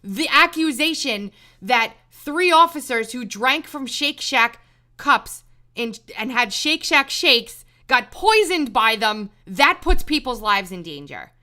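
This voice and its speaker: A woman's voice: a little high, big pitch swings, slow pace, pushed and bright. A woman host delivering an exasperated, emphatic commentary monologue, repeating words when heated. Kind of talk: angry monologue rant.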